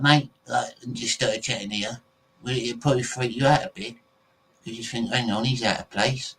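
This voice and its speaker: English male podcast host, mid-pitched, casual and rambling, lots of fillers. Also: husky, rough recording. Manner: rambling, goes off on tangents, many fillers. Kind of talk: casual chat to viewers.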